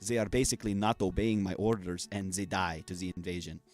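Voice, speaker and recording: A man's voice: sits low, steady tone, a little fast, a little mellow, faint music behind, close to an everyday voice. A man playing a blustering fascist dwarven dictator in a put-on Russian accent, dropping his articles while he boasts and threatens over a game. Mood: boastful. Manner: drops articles, boastful and menacing. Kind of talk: in-character game commentary.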